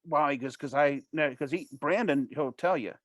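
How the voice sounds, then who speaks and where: A man as an interview guest, telling a personal story in a casual, animated way, with frequent restarts and false starts. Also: medium pitch, no echo. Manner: animated, fast-paced anecdote telling.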